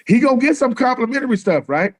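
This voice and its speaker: Animated high-voiced man riffing on sports. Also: fast. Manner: animated, slangy, acts out other people's lines. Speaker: podcast co-host. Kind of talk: casual sports talk. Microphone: live stream call.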